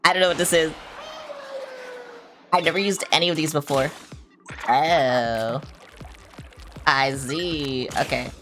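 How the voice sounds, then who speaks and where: A woman's voice: low voice, takes it slowly, pauses often, a bit bright, faint music behind. A young woman streaming a video game, talking casually to her viewers and a friend, swearing often and teasing herself. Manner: blunt, swears often, self-mocking. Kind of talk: casual live-stream chatter.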